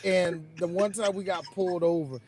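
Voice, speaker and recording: A man co-hosting a casual podcast chat, telling animated jokey stories and slipping into other people's voices. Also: high-pitched, moderate pace, noisy background. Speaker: podcast co-host.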